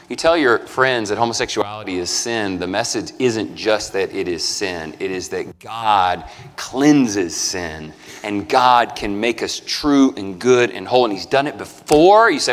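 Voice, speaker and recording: A man preaching a sermon in a church, emphatic, climbing loud and high on some lines and dropping low and quiet on others. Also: animated, a little slow. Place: church sanctuary. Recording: long hall reverb.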